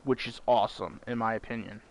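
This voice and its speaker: A man's voice: fairly low pitch, steady tone, brisk, a little mellow, a little hiss or hum. Man, podcast host, casual gaming chat, blunt, swears often. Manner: blunt, swears, addresses listeners as folks.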